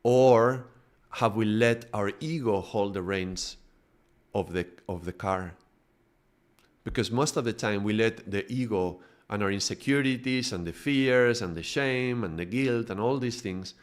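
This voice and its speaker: A man's voice: lowish voice, a little slow. Man teaching through metaphors. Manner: builds extended metaphors, checks in with tag questions. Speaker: spiritual teacher. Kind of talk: live spiritual talk.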